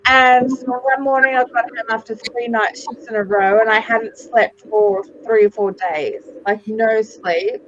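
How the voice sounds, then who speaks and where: A woman in her forties with a fairly high voice tells her stories in a big, dramatic, animated way. She swears casually and throws herself into each anecdote. The sound is muffled and lo-fi, like a video call. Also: a little slow, hardly any pauses, slight background noise. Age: 40s. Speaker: guest, psychic medium. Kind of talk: casual video interview chat.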